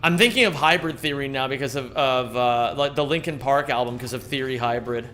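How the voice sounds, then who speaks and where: A man's voice: medium pitch, fairly quick, hardly any pauses, pushed and bright, faint music behind. A man streaming a speedrun, chatting loosely with his viewers, greeting them by name and rambling between thoughts. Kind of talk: live-stream chat while speedrunning.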